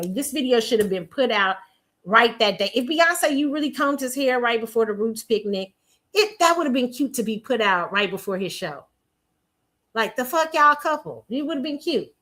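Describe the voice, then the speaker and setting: A sassy woman rants through casual pop culture commentary, laughing often. Her voice sits a touch high. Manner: laughing, sassy, animated ranting with mocking put-on voices. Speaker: host.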